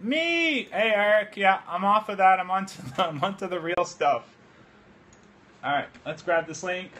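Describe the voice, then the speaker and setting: Excitable man hosting a beer-fueled livestream. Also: fairly high pitch. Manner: excitable, loose and swearing, drinking beer while talking. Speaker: livestream host. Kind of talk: casual livestream chat. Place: home studio. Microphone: phone livestream app.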